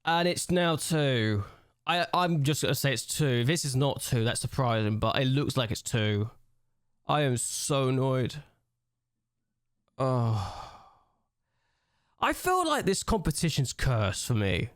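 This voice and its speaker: Playing a football management game for a let's-play, a young YouTuber vents his frustration out loud at a slightly slow pace. His pitch is ordinary and middle, and the sound is close and dry with no echo.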